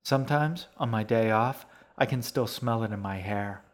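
A man's voice: on the low side, normal speed, lightly acted. A man reading an audiobook, voicing a friendly young waitress who talks in a light, teasing way. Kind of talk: audiobook character voice.

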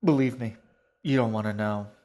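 A dreamy young queen chats fondly in a lilting, sing-song way, read out by a man. Her voice sits low and close to the reader's own, soft and unhurried in a storybook telling. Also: close to an everyday voice. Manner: sing-song, chatty and fond. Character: gentle, dreamy young queen, fond and talkative. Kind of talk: storybook reading.

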